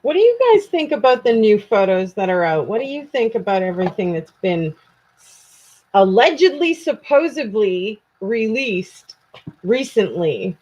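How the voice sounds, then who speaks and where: A woman's voice: medium pitch, big pitch swings, measured pace, a little mellow. A tired woman from Canada hosting a casual true crime live stream, chatting with viewers in a self-deprecating way. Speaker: true crime channel host. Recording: dull lo-fi home stream audio.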